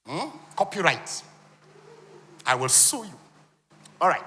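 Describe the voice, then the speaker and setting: A Nigerian-accented man teaches a conference crowd, throwing questions out and waiting for the answer, with playful jabs along the way. His voice is bright and forceful, pitched a little high. It rings with the long reverb of a big hall. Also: takes it slowly, long pauses. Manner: animated, quizzes the audience with call-and-response questions; teasing, humorous asides. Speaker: conference speaker teaching on wealth. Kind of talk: interactive teaching talk with slides.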